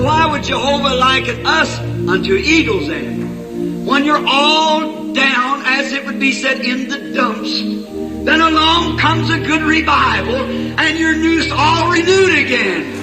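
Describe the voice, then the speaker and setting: A man's voice: very high voice, poor audio. A man preaching a revival sermon, telling a story in a folksy, rural way. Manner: folksy, rural turns of speech.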